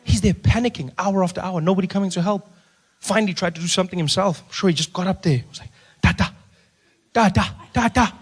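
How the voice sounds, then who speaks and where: Animated South African comedian, high-voiced. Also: male voice, rapid-fire, breathy edge. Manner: animated storytelling, lots of voices. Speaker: stand-up comedian. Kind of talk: stand-up comedy.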